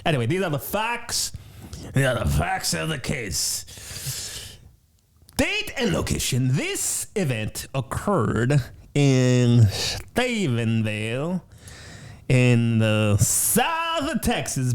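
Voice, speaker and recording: Goofy, animated male show host. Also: medium pitch, slow. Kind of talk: casual show hosting. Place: home studio with lights.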